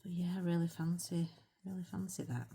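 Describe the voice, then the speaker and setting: A British woman in middle age chats away while she colours, her voice sitting low. She drifts from thought to thought, pokes fun at herself and slips in soft little laughs. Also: brisk, gravelly, slightly rough. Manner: chatty and rambling, self-mocking, with little laughs. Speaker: colouring channel host. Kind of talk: casual chat while colouring.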